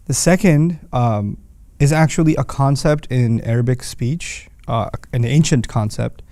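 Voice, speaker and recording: Male teacher, casual explainer, mid pitch, dry close sound. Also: warm tone, dry recording. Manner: conversational, explains with everyday examples. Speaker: teacher of Quranic Arabic.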